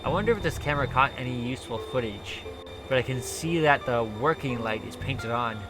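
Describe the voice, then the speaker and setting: A man's voice: mid-range voice, expressive, a little fast, over music. A male streamer reading a detective game's dialogue aloud with dry, wry asides.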